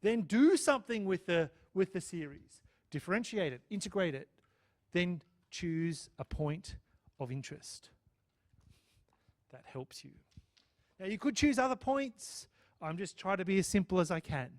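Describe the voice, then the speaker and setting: A man's voice: high-pitched, expressive, measured pace. A man lecturing on math to a live class, chatty, often checking in with "okay?" and "right?". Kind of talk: live lecture with student questions.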